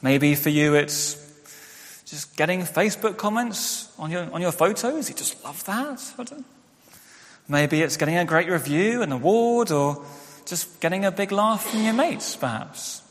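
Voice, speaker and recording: Young male pastor, sermon, frank chatty delivery, lively pitch, slightly high voice, long church reverb. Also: measured pace. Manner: candid, conversational preaching with self-deprecating asides.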